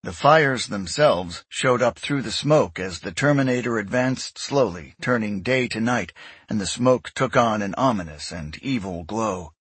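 A man giving scripted narration of a sci-fi story in a measured, even way. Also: lowish voice, husky, dry recording. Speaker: audiobook narrator.

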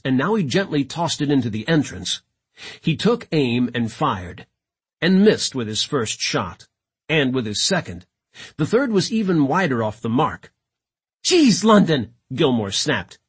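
A man reading a sci-fi audiobook in a dramatic, expressive narration. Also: medium pitch, husky. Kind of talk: scripted narration.

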